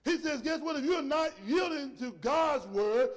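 A male preacher giving an emphatic sermon, swinging between shouted points and soft, low asides. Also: lively intonation, a little slow. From rural area. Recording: long hall reverb.

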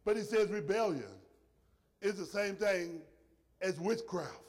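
A male preacher giving an emphatic sermon, swinging between shouted points and soft, low asides. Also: expressive, a little slow. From rural area. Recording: long hall reverb.

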